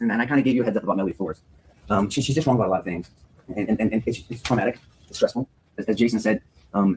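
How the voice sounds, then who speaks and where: A man's voice: lowish voice, a little mellow, a little hiss or hum, low-quality recording. A man speaking as a defense attorney in a courtroom, giving an earnest opening statement to a jury and often repeating words as he restarts his sentences.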